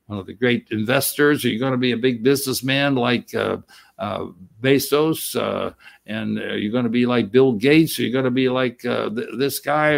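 A man with a gravelly, creaky voice preaching a sermon at an everyday pitch. He talks in a loose, conversational way and trips over his words now and then. When he reads scripture he slows down and leans on each word. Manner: conversational preaching with frequent restarts and stumbles; reads scripture slowly and emphatically.

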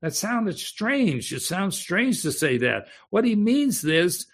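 A man delivers a sermon at an unhurried, measured pace. His voice sits a little higher than most men's. He explains each point carefully and keeps checking that his listeners are following. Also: very animated, a bit bright. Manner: slow, deliberate teaching with frequent "okay?" check-ins. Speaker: pastor.

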